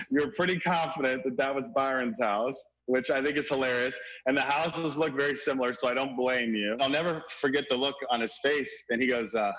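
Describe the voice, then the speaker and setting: A young man excitedly telling a story in an interview, filled with "like" and acted-out quotes. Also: mid-range voice, normal speed, a little hiss or hum, rough recording. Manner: animated, filler-heavy, acts out quotes. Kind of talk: excited anecdote.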